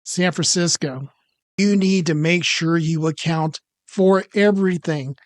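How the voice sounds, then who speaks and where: A man's voice: a little high, steady tone, measured pace, dry recording. A man working as a career coach, commenting on a clip and walking through hypothetical salary numbers.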